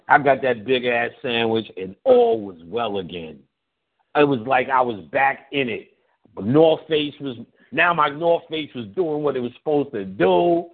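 A man telling profane, animated stories in casual chat as a radio guest. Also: mid-range voice, vocal fry. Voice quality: animated, profane, fast-shifting delivery. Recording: phone-like radio audio.

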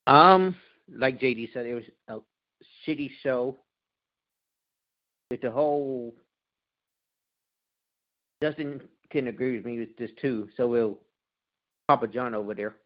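A man on a podcast panel, giving his opinion hesitantly with many pauses. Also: mid-range voice. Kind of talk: casual podcast chat. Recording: dull lo-fi sound.

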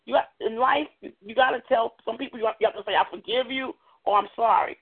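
Woman, earnest, halting testimony sermon, tinny lo-fi recording. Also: on the high side, husky. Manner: earnest, halting, with frequent restarts. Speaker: guest speaker. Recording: tinny phone-like audio.

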